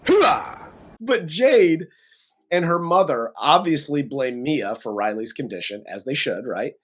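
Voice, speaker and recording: A man's voice: medium pitch, expressive, measured pace, background noise. A man co-hosting a casual movie review chat, recapping the plot with frequent laughter and plenty of swearing. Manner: profane, laughs often, blunt opinions. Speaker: co-host of a movie review show.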